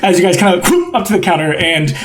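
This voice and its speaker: A man runs a tabletop game and describes each scene in loose, rambling talk full of fillers. His voice is high and very animated. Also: fast talker. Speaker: game master.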